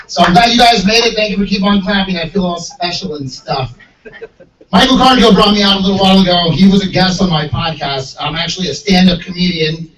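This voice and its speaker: A high-voiced man doing a stand-up set through a handheld mic in an echoey gun store space. He tells stories with lots of energy and bounces into squeaky voices for the people he quotes. The sound is a little distant, with a faint hiss behind him. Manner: animated storyteller, jumps into high voices for quoted characters. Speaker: stand-up comedian. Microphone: handheld microphone.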